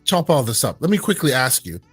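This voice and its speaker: A man's voice: medium pitch, sing-song, brisk, breathy edge, dry recording, faint music behind. A man co-hosting a casual gaming podcast, rambling with lots of restarts and fillers. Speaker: podcast co-host. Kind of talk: casual chat. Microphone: own microphone at home.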